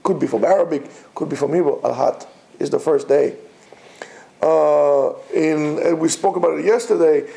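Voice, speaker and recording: A male teacher giving a classroom lecture, repeating words slowly and teasing his listeners with quiz questions. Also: on the high side, vocal fry, dark tone.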